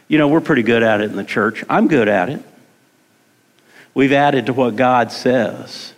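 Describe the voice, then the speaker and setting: Man, middle-aged, pastor, chatty sermon, repeats himself, gravelly, long hall reverb. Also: sits high. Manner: conversational preaching, repeats words, asks the congregation questions.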